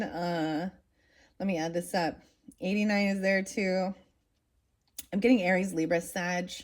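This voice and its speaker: A woman giving a casual tarot reading and reading aloud from a storybook, excitable and talking straight to her viewers. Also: mid-range voice. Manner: excitable, talks straight to viewers, bursts of laughter. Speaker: tarot reader.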